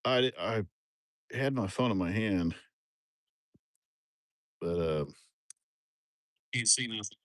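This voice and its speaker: A fairly low-voiced man with a drawl, chatting into his phone outdoors on a farm. He rambles along in a folksy, easygoing way and now and then breaks into loud, excited bursts. The sound is close and dry. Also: takes it slowly, long pauses, no room sound. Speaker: livestream host. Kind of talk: casual rambling livestream chat.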